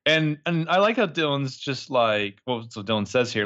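A man co-hosting a casual podcast, recapping scenes with quick quoted asides and swearing. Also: on the high side, lively intonation, a bit bright, lo-fi sound. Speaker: podcast co-host recapping a show.

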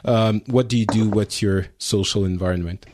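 A man's voice: lowish voice, fairly even intonation, moderate pace, a little mellow, a little hiss or hum. A middle-aged man from France hosting a casual podcast chat, teasing and restarting his sentences often. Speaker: podcast host.

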